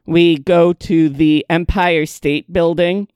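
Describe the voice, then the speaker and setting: A woman's voice: lowish voice, fairly even intonation, takes it slowly, darkish tone, clean tone, no echo. A woman hosting a podcast, recapping an episode in casual chat and laughing often. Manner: narrates plot, laughs often.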